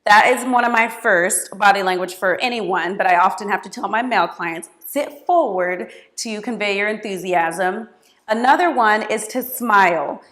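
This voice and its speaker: Expressive woman giving career advice. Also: medium pitch, normal speed. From United States. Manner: expressive, gestures a lot while talking. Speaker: career coach. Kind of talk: direct-to-camera advice.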